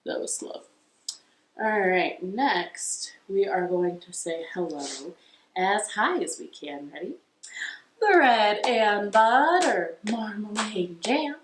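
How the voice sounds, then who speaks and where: A woman's voice: mid-range voice, big pitch swings, slow, slight background noise. A young woman with an American accent leading a children's storytime from her living room, playful and self-deprecating as she sings and strums along on a ukulele. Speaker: children's librarian. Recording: echoey home room with ukulele.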